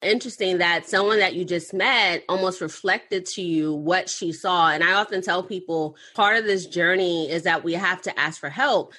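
Husky-voiced woman hosting a podcast. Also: lowish voice, normal speed, few pauses, dry recording. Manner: conversational, relaxed with fillers. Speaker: podcast host. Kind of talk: podcast interview.

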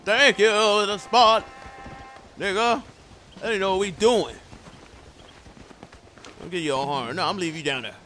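A man doing let's play commentary, talking back at the game in a loud, brash, profane way. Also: sits high, measured pace, long pauses, faint music behind. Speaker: gamer. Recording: game audio and noise behind.

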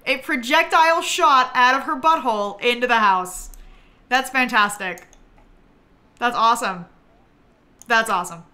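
A woman's voice: a little high, unhurried, long pauses, sharp tone. A young woman streaming a life-simulation game, chatting casually, giggling and talking to the characters on screen. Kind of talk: casual gameplay commentary.

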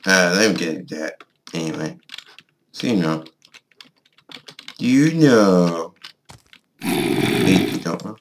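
Unhurried man narrating his gameplay. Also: low-pitched, a little hiss or hum. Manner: excitable, swears and yells at game creatures. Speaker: gaming video host. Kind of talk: casual let's-play commentary.

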